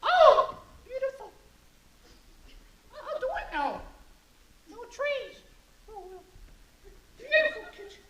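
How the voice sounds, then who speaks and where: A woman's voice: extremely high pitch, sing-song, slow pace, long pauses, a bit bright. A woman acting a mother in an amateur church skit, theatrical and laughing through her lines. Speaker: youth group performer playing a mother. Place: church hall. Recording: echoey hall, faint noise.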